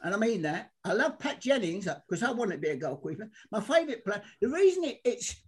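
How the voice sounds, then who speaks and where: Older Londoner, husky and lively, rambling storyteller. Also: male voice, sits high, brisk. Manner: excitable, rambling, acts out quoted dialogue. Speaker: guest. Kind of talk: animated storytelling.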